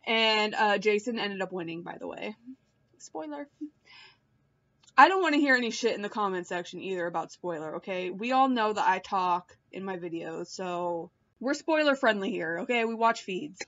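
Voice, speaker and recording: A woman's voice: mid-range voice, animated, normal speed, fairly bright tone. A woman in a casual, rambling chat to her viewers, filmed on a laptop mic at home, swearing and laughing often. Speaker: vlogger. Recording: dull lo-fi laptop audio.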